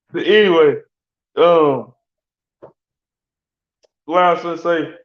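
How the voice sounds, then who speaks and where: A man's voice: a little high, slow pace. A man, hosting a casual sports rant in a loose, slangy, rambling way with frequent laughs. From Alabama. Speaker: sports talk host. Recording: echoey room, dull lo-fi sound.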